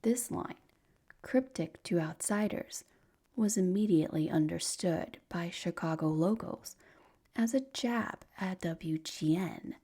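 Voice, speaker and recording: A woman narrating a sleep story as whispered role-play, in a slow, soft, breathy whisper. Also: fairly low pitch.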